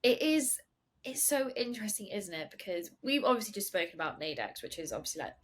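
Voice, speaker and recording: A woman hosting a podcast, chatting in an animated way with quick asides and dry sarcasm. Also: mid-range voice, slight background noise. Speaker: podcast host. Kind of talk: casual interview talk.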